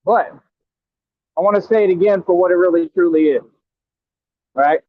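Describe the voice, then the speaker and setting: A man's voice: high-pitched, normal speed, dry recording. A man vlogging while riding a scooter through traffic, trash-talking a rival in a taunting way and stumbling over repeated words. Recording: tinny phone-like, dry.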